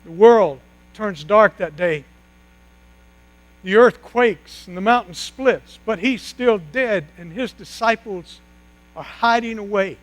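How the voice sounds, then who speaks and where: A man preaching a sermon, retelling a story dramatically with long pauses and sudden hushed drops. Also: high voice, poor audio. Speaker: pastor.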